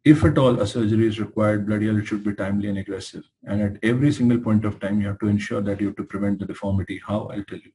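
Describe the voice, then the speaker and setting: Low, mellow Indian English lecturer. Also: male voice, very fast, few pauses, slight background noise, poor audio. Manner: animated storytelling, emphatic and exasperated. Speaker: medical lecturer. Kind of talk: lecture with acted patient dialogues.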